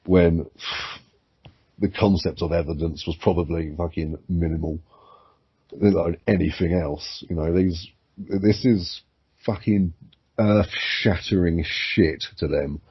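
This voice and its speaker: A man's voice: sits low, fairly even intonation, a little slow, husky. A man co-hosting a podcast, chatting casually, rambling and swearing freely as he talks. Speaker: podcast co-host. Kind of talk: casual chat. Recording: muffled lo-fi sound.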